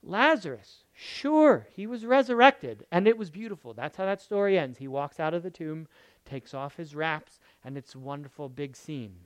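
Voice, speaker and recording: A pastor preaching a sermon emphatically, repeating key phrases and swinging between loud bursts and soft murmurs. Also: medium pitch, expressive, normal speed, no room sound.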